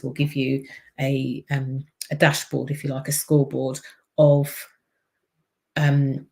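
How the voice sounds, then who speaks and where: Low-voiced woman coaching on a live stream. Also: darkish tone. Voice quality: low, deep voice. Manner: chatty and explanatory, demonstrates voice tones. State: slight frog in the throat. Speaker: visibility and speaking coach. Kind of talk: casual live-stream talk to camera.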